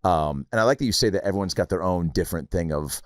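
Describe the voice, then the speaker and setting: A man hosting a comedy podcast in casual chat, who swears freely, laughs loudly and retells stories with animation. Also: low voice, fast talker, no echo, studio quality. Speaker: podcast host. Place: podcast studio.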